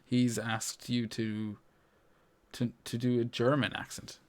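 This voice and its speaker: A man's voice: mid-range voice, little pitch movement, slow pace, a little mellow, no room sound. A man hosting a podcast, teasing his co-host and swearing freely in casual banter.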